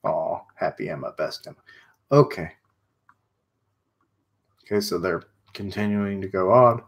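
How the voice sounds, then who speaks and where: A man's voice: deep voice, normal speed, pauses often, breathy edge. A man streaming live, reading a comic's dialogue aloud in a plain voice and breaking off for casual asides. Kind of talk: live read-aloud with reactions.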